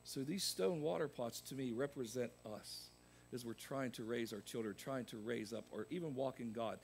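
A man preaching a sermon as pastor, swinging from loud emphatic peaks to quieter asides. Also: medium pitch, normal speed, creaky, slight background noise. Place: church sanctuary.

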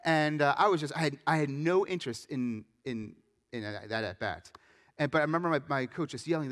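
Young pastor preaching in an echoing hall. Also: male voice, on the high side, fairly quick. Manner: animated storytelling, acts out quoted voices. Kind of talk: sermon. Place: church sanctuary.

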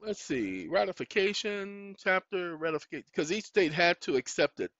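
A man's voice: sits high, sing-song, moderate pace, fairly bright tone, dry recording. A man hosting his own online show, chatting casually as he searches on a computer, scolding it aloud and spelling out words letter by letter. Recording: dull lo-fi dry recording.

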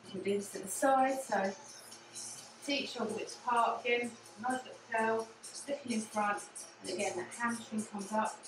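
Speaking at normal speed with fairly even intonation, a woman with an English accent guides a low impact cardio class, supportive and repetitive with "again" and "yeah." At times she's out of breath. Music plays, the room is echoey, and the mic sits far away.

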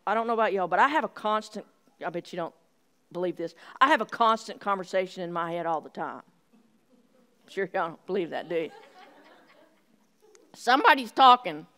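A woman's voice: mid-range voice, fairly bright tone. Chatty woman teaching Bible study. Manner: chatty, self-deprecating, acts out dialogues. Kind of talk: informal Bible teaching talk.

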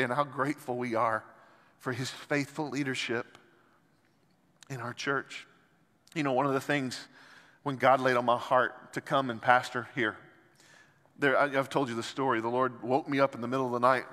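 A man preaching a sermon as pastor, impassioned, moving between soft and loud passages. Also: medium pitch, fairly even intonation, normal speed. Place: large church sanctuary. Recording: long hall reverb from church sanctuary.

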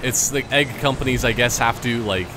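A man's voice: medium pitch, fairly quick, noisy background. A man giving casual let's-play commentary, rambling and joking through tangents. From Canada. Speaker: gameplay commentator.

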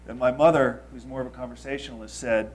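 A man in his thirties from Los Angeles, telling a confessional story to an audience. He swings between loud emphasis and quiet asides. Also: medium pitch, steady tone, fast talker, breathy edge. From Los Angeles, United States. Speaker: speaker.

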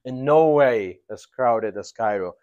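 A man's voice: medium pitch, lively intonation, narrow, tinny audio. Man teaching an English grammar class. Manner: drawn-out emphatic prompting of students.

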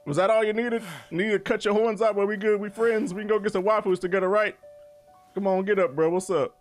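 A man giving excitable, slangy commentary while playing a video game, yelling and calling everyone bro. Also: high-pitched, a little fast. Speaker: gaming streamer. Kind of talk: gameplay commentary. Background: game music.

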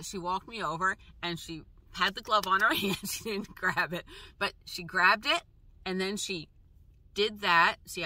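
A woman vlogger telling personal stories in a casual, halting way, with frequent pauses, restarts and fillers. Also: on the low side, pushed and bright, dry recording. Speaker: travel vlogger.

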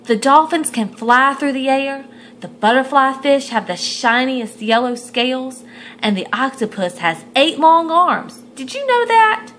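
A woman reads out an excited young shark boy in a picture book, his voice leaping up high and swinging all over the place. He is friendly and eager. She pushes her voice well above her own for him. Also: measured pace, slight background noise.

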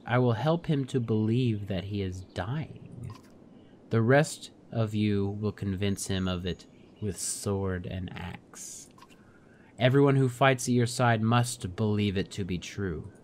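A man voicing a calm, wise mystic woman in a game, reading her lines in a slow, measured, solemn way. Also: on the low side, a little hiss or hum, close to an everyday voice. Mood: earnest.

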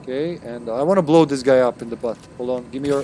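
With a Russian accent and a mellow, medium-pitched voice, a man talks quickly while streaming a co-op video game, cracking jokes and bantering playfully with his teammate. A little hiss or hum sits under the audio.

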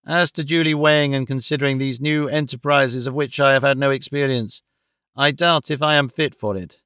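A man voicing an anxious, earnest gentleman. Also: mid-range voice, steady tone, normal speed, clear, resonant tone, no room sound, clean studio sound, natural voice. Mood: uneasy. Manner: uneasy and hesitant. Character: anxious, earnest middle-aged gentleman who feels he is ageing.

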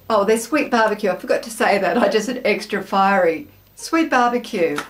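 A woman's voice: mid-range voice, animated, moderate pace. An Australian woman hosting a snack taste-test vlog, chatting to camera in a bubbly, self-mocking way. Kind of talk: casual chat to camera.

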